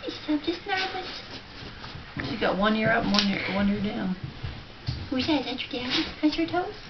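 A woman's voice: on the high side, moderate pace. A woman at home coaxing and baby-talking to a pet in a sing-song voice, recorded on a handheld camera. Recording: dull home video with steady noise.

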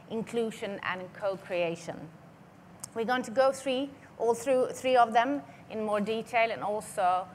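A woman from Sweden, giving a conference presentation and working through her points in a measured, scripted way. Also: medium pitch, slight background noise. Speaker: conference speaker. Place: conference hall.

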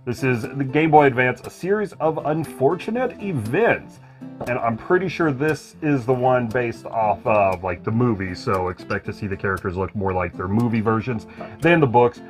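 A man's voice: medium pitch, animated, moderate pace, faint music behind. A man co-hosting a video game unboxing, chatting casually and joking with playful banter. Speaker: co-host of a gaming channel. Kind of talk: casual chat.

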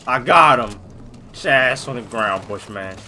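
A man hosting a gaming video, giving excited, slangy commentary while he plays, often yelping or shouting. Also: mid-range voice, normal speed. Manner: jokey, yelps and shouts at sudden moments, slangy. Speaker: gaming channel host. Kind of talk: excited live gameplay commentary. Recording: gunfire and game noise clearly behind.

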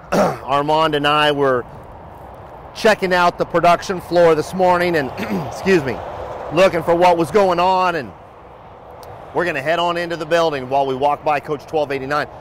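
A man's voice: on the high side, normal speed, a little hiss or hum. A man hosting a company video show, giving a casual walking tour and joking as he goes, first outside a building and then inside a lobby and shop. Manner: upbeat, joking, loud and lively.

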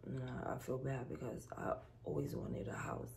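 A stressed, exhausted woman venting to her vlog viewers in a weary, halting way. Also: rumbling low, big pitch swings, gravelly, a little mellow, a little hiss or hum. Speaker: vlogger.

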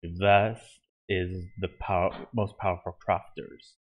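Guy doing a slow low menacing destroyer entity, mocking, storybook villain. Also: steady tone, narrow, tinny audio.

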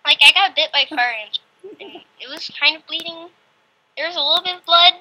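A bright, high-pitched female voice chats casually as co-host during a building session. She hums nonsense tunes and rambles onto side topics. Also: a little fast, poor audio. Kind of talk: casual chat while coding a game.

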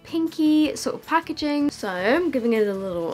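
Young girl vlogging, bit of a lisp, higher voice, faint music behind. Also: lively intonation, moderate pace, darkish tone. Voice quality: slight lisp. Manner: chatty, rambling, lots of fillers. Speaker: beauty vlogger. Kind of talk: casual chat to camera.

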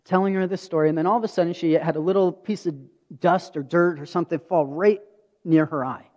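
A man's voice: on the high side, steady tone, a little fast, a little mellow. A pastor in his thirties preaching a sermon, telling stories earnestly and acting out dialogue. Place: church sanctuary. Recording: dull audio with long hall reverb.

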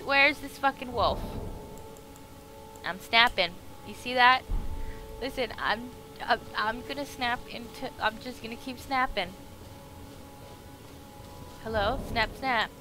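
A woman streaming a video game live. She comments excitedly, swears a lot and talks back to the characters on screen. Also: fairly high pitch, slow, long pauses, rough recording. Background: game music.

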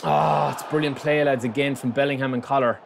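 A man with an excitable manner, commentating live on his own football video game and talking straight to his viewers. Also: medium pitch, a little fast, creaky, noisy background. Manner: excitable, shouts and groans at the play, addresses viewers as lads. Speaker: gaming channel host.

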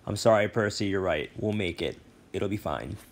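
A man reading the lines of a determined teenage girl in a calm, reassuring, low-key way. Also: moderate pace.

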